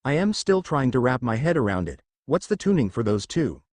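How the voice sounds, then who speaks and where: A man reading the lines of a sarcastic, playful teenage girl who plays bass, in a fan fiction story. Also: big pitch swings, a little fast, a little mellow, no echo. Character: teasing young female student bassist.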